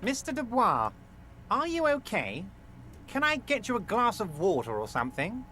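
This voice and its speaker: A man's voice: high-pitched, huge pitch swings, moderate pace, sharp tone, faint music behind, heavily acted. A man voicing a fawning middle-aged union boss who talks in an oily, overly reassuring, theatrical way. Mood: smarmy. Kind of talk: fan voice acting of a game.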